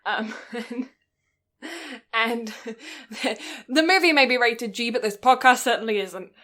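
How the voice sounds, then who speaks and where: Giggly British woman, bright voice. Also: on the high side, unhurried. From Britain. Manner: giggly, sweary, rambling. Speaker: podcast co-host. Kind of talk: casual chat.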